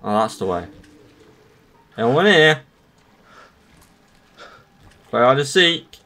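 A man playing a horror game, muttering to himself between yelled insults at the enemies. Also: medium pitch, sing-song, slow pace. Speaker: gamer. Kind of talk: gameplay commentary.

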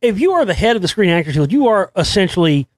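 A man hosting his own show, delivering a rambling, excitable monologue full of restarts and swearing. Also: high-pitched, quick pace, dry recording. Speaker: show host. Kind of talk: conspiracy commentary monologue.

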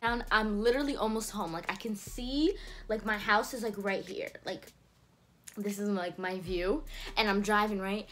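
A woman's voice: medium pitch, fairly even intonation, normal speed, fairly bright tone, slight background noise. A teenage girl telling a story to her camera in a casual, chatty way, filling her speech with "like" and laughing often. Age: teens. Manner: chatty, fills every phrase with "like", laughs often. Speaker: vlogger.

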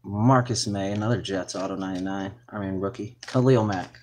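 A young man hosting a live card break, excitedly calling out cards to his viewers. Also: low-pitched, a little fast, slight background noise. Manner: excited, hyped-up, talks to viewers as "guys" and "man".

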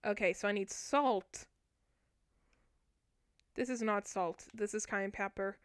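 A woman's voice: medium pitch, slow, pauses often, clear, resonant tone, dry recording, rough recording. A young woman casually commentating on a cooking game she is streaming, talking playfully to her viewers as she plays.

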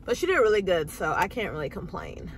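Brisk and lowish-voiced, a young woman tells animated, sassy stories to her camera, acting out the voices of those she quotes. A little hiss or hum sits under the audio.

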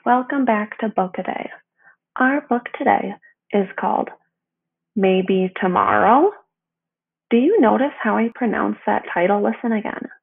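A young adult woman teacher leading a read-aloud lesson for young children, speaking slowly and pronouncing every word clearly. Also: on the high side. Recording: tinny phone-like audio.

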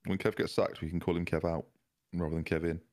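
A man co-hosting a game stream, cracking wry deadpan jokes with friends over a voice call. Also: low voice, quick pace, slight background noise. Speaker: co-commentator and podcast co-host. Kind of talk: casual banter.

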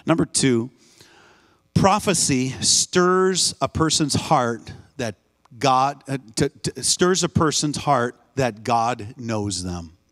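A man preaching a sermon in a church, telling a story with lively voices and calling out for the congregation's response. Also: medium pitch, takes it slowly. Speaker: guest preacher. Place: church sanctuary, live service.

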